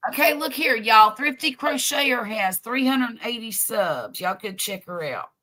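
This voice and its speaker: A woman's voice: a little high, animated, unhurried, pushed and bright. A woman with a Southern US accent, co-hosting a crochet stream in a friendly, easygoing way. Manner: friendly, calls everybody honey. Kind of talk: casual chat.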